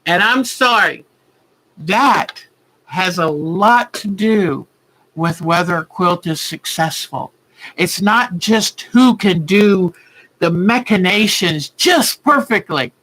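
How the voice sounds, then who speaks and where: A woman's voice: fairly low pitch, animated, slow pace, fairly bright tone, poor audio. A woman hosting a quilting livestream, telling a story in a heartfelt, earnest way. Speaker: quilting show host.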